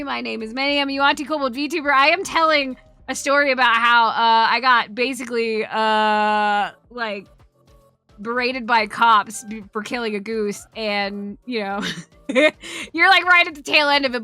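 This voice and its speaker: A tired woman VTuber streamer telling a story on stream in a casual, animated, profane way, laughing as she goes. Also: on the high side, moderate pace, soft background music.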